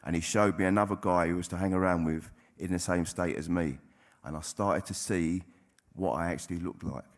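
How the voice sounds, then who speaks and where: A very deep, low-pitched male voice tells his story to an audience. His delivery is plain-spoken and frank, with casual swearing. It has the candid tone of a personal testimony. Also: steady tone, brisk. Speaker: recovering addict sharing at a convention.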